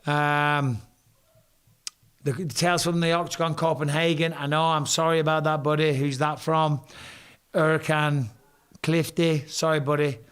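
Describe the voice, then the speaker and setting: A man with a hoarse, strained voice runs a casual live stream. He reads viewer comments aloud and answers them with cheeky banter and casual swearing, and his pitch sits slightly high for a man. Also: little pitch movement, a little slow, a bit bright. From England.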